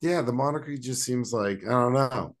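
A man's voice: medium pitch, moderate pace. A man co-hosting a podcast in casual chat, rambling with lots of slang, fillers and restarts. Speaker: podcast co-host.

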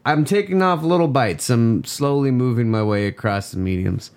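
A man chatting as a podcast guest, telling animated, joking stories and laughing easily. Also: medium pitch. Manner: animated storyteller, quick to joke and laugh. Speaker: podcast guest, game writer. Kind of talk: casual interview chat.

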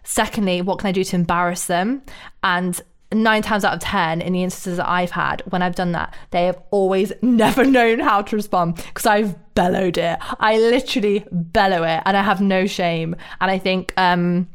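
Blunt, animated woman. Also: on the low side, normal speed, hardly any pauses, smooth. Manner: blunt, animated storytelling with swearing. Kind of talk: casual chat.

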